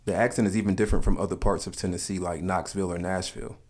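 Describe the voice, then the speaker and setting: A man with a notably low, deep voice narrates an explainer video. His delivery is casual and opinionated, like someone sharing his own views while reading a script. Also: fairly even intonation, rapid-fire, darkish tone. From Southern United States.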